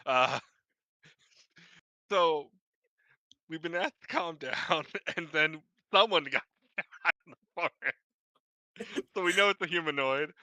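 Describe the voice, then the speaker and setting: A man's voice: on the high side, slow, pauses often, sharp tone, no echo, dull audio. A man playing a tabletop game, chatting casually with frequent laughter and many uhs. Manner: laughing, hesitant, lots of uhs. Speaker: player.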